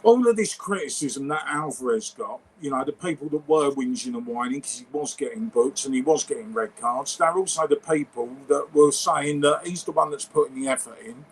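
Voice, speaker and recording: A man's voice: medium pitch, fairly quick, few pauses, slightly rough, low-quality recording. A man, co-hosting a casual football podcast and giving blunt, sweary opinions. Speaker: podcast co-host. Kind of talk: casual chat.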